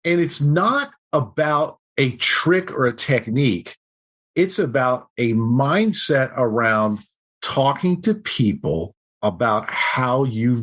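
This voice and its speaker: Male guest, husky tone, animated self-deprecating anecdote teller with a lively, varied pitch. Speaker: podcast guest. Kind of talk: storytelling in conversation.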